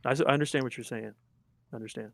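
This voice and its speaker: A man's voice: medium pitch, fairly even intonation, creaky, no room sound. Earnest male debater, dry sound. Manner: earnest, emphatic, quick to argue. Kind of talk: theological debate.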